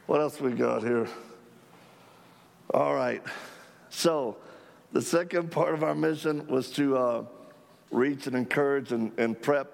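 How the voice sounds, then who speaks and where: A man leading a ministry, telling stories to a live audience in an animated, folksy way with jokes about himself. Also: medium pitch, vocal fry. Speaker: ministry leader speaking to supporters. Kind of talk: storytelling talk to a live audience. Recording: long hall reverb.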